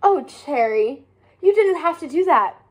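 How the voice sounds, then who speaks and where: A sweet, earnest young girl from a storybook, voiced by a woman reading aloud. Her voice sits a little high and stays gentle and sincere, the plain read-aloud kind rather than a big character voice. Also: lively intonation, brisk. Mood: warm.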